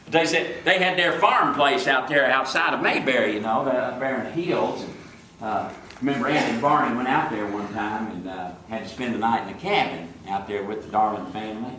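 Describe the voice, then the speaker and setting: A man with a Southern US accent, slowly spinning folksy comic stories to a live audience in character as a small-town deputy. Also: mid-range voice, sharp tone, slight background noise. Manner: slow drawling folksy yarn-spinner. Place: live venue before an audience. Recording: echoey room, distant mic.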